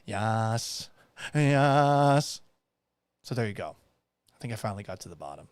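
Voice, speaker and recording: A man hosting a radio-style talk show, ranting loudly and profanely with exasperation. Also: low-pitched, lively intonation, very fast, dry recording. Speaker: radio broadcaster and show host. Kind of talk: loud ranting commentary.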